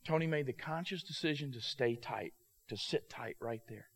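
A man preaching through a story, animated and acting out the characters, with frequent halting restarts. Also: mid-range voice, husky. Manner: halting restarts, repeated words. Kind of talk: sermon storytelling.

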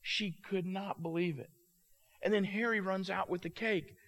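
A man preaching through a story, animated and acting out the characters, with frequent halting restarts. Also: sits high. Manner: halting restarts, repeated words. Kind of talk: sermon storytelling.

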